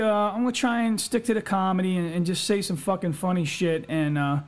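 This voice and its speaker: A man, giving a blunt, profane motivational monologue on his podcast in a fired-up manner. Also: sits high. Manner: fired-up, blunt, heavy swearing. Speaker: podcast host. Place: home recording setup. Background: faint music.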